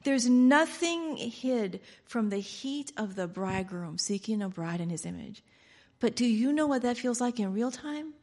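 A woman preaching a sermon in an animated way, laughing often and acting out quoted lines. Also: on the high side, measured pace.

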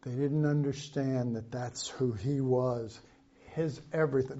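A man preaching a sermon, slow and conversational, reading scripture and breaking off into asides. His voice sits fairly high but mellow. The recording sounds dull and lo-fi. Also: fairly even intonation.

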